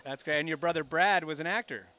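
A middle-aged man hosting a podcast, telling stories in a lively, casual way and laughing often. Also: a little high, quick pace. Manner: animated storyteller, laughs often. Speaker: podcast host. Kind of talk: casual chat.

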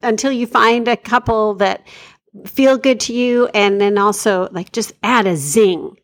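A woman co-hosting a comedy podcast, riffing along playfully and quickly. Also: mid-range voice. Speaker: podcast co-host.

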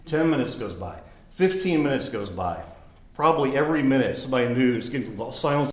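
Lawyer telling a story in a roomy hall. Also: male voice, mid-range voice, brisk. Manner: conversational, animated when mimicking the professor. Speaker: lawyer giving a talk. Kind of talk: lecture with storytelling. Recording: roomy echo.

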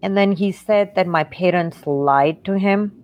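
A middle-aged woman speaks as a guest in an interview, recounting a painful stretch of her life. Her voice sits a little low, and she talks haltingly, circling back through fillers and restarts. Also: muffled recording. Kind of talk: emotional personal story in conversation.

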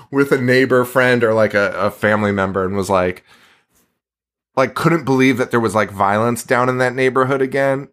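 A man co-hosting a casual podcast from a basement. He swears freely and laughs as he retells scenes in an animated way, at an ordinary pitch. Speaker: podcast co-host. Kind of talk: casual chat.

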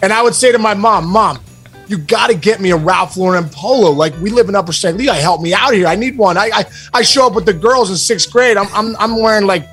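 A man's voice: high voice, fairly quick, faint music behind. A man co-hosting a podcast, telling a childhood story in casual chat and acting out the voices of the people in it. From Pittsburgh area, USA. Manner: animated storyteller who acts out quoted voices. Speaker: podcast co-host.

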